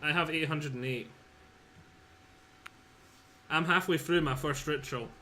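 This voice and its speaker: A man's voice: a little high, a little slow, pushed and bright, slight background noise. A man streaming a co-op game, chatting easily with a friend and laughing readily. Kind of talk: casual gaming chat.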